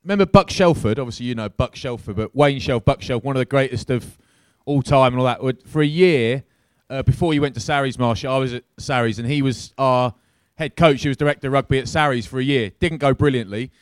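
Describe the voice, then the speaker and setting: A man telling a lively anecdote as a guest at a live show, swearing freely and acting out the people in his story. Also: medium pitch, fairly quick, few pauses, clean tone, no echo. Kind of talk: animated storytelling. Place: crowded live-show venue.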